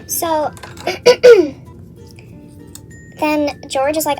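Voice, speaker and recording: A woman's voice: high-pitched, normal speed, pauses often, faint music behind. A young woman vlogger casually retelling a story from memory while getting ready, rambling, swearing a lot and saying "like" constantly.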